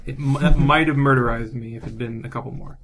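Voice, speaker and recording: A man's voice: mid-range voice, steady tone, quick pace, a bit bright, slight background noise, rough recording. A man playing a board game, talking through his own moves and joking with the table. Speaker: player. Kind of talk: casual tabletop game play.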